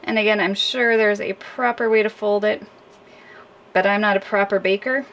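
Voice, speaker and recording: A woman's voice: mid-range voice, steady tone, normal speed, fairly bright tone, recorded from a distance. A woman sailing vlogger chatting casually and self-deprecatingly while she cooks on a small boat. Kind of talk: casual cooking chat. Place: small sailboat cabin. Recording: noisy boat ambience.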